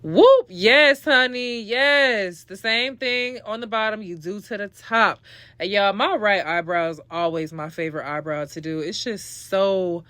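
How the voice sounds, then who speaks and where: A woman's voice: medium pitch, normal speed, fairly bright tone, no room sound. A young woman talking viewers through a makeup tutorial in a sassy, chatty voice-over. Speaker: beauty vlogger.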